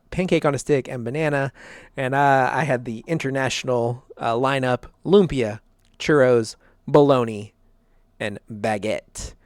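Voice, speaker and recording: A man's voice: medium pitch, no echo, clean studio sound. A man hosting a casual podcast chat, laughing often and repeating his words with plenty of fillers. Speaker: podcast host.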